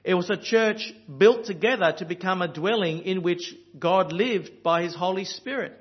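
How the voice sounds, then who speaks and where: A man's voice: sits high, moderate pace, lo-fi sound. A man from Australia with an Australian accent, preaching a sermon in an earnest, storytelling way with frequent ums and uhs.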